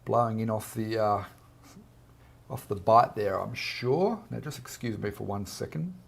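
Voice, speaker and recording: A man's voice: lowish voice, a little slow, creaky, breathy edge. A man with an Australian accent, hosting a casual live art chat and greeting viewers by name as he reads out their comments.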